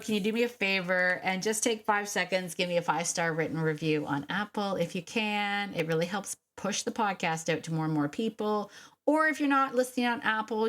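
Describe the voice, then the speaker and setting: A woman's voice: medium pitch, a bit bright. Chatty emphatic woman podcast host. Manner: chatty and emphatic, with frequent laughs and restarts. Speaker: podcast host, dog trainer. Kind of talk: casual solo podcast monologue.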